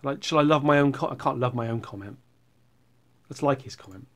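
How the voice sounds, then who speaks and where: A man's voice: medium pitch, fairly quick, fairly bright tone. A middle-aged man rambling sarcastically as he reads out viewer comments on his channel. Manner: sarcastic, rambling, puts on silly voices for comments. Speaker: YouTuber reading viewer comments.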